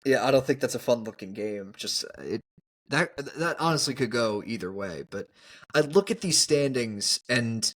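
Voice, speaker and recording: A man co-hosting a casual sports podcast, animated and quick to laugh, often talking over his partner. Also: mid-range voice. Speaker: podcast co-host.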